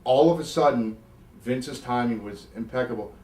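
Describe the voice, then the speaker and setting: Heard from a distance in a reverberant space, this medium-pitched man talks at a normal speed. He's a middle-aged South Jersey native and former wrestler guesting on an interview, spinning animated stories full of casual cursing and acted-out quotes.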